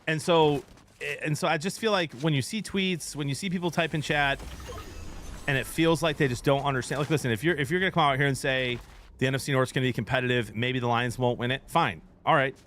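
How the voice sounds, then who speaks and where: A man's voice: mid-range voice, brisk, a little hiss or hum. A man streaming live, chatting casually with his viewers and getting worked up as he argues. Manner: animated, gets worked up arguing sports; talks to chat between gameplay. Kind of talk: casual livestream chat.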